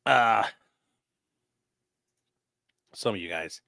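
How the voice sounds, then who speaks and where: A man's voice: lowish voice, moderate pace, vocal fry, bright, forceful tone, dry recording, clean studio sound. A man who is a defense attorney, casually commenting on a livestream and reading chat messages aloud in a loose, profane way.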